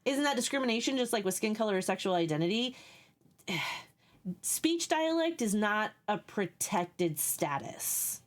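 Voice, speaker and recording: A woman's voice: mid-range voice, sing-song, measured pace. A young woman streaming live, chatting casually with her viewers and explaining things at length while she reads their messages.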